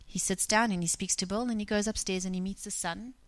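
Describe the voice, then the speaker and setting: A woman's voice: medium pitch, fairly even intonation, fast, dry recording. A woman preaches in a chatty, storytelling way, slipping into the voices of the people she describes. Her voice sits in a middle register. The sound is dry and close, with little room in it. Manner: conversational, retells scenes with quoted dialogue. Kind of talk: sermon storytelling. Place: church.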